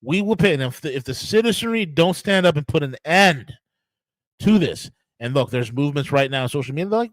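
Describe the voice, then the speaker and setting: On his own show, an American man delivers an angry, profanity-laced political rant in a slightly high voice with brisk, lively intonation. He keeps restarting and hammering points through repetition; the audio is poor, with no room sound.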